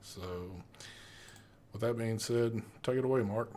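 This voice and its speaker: A man's voice: medium pitch, measured pace, darkish tone. A man hosting a casual live stream, loose and profane, a bit out of breath. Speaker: show host.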